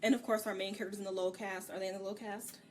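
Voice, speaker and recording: A woman's voice: mid-range voice, flat delivery. A woman co-hosting a book review podcast, ranting candidly in casual chat. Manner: candid, ranting, acts out characters' lines in quick bits. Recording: distant mic with faint background noise.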